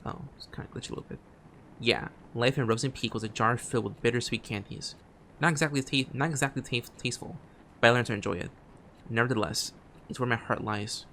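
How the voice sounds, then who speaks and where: A man streaming a game, reading its text aloud, often stumbling and restarting phrases and dropping quiet asides. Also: mid-range voice, a little hiss or hum. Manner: drops quiet asides between read lines.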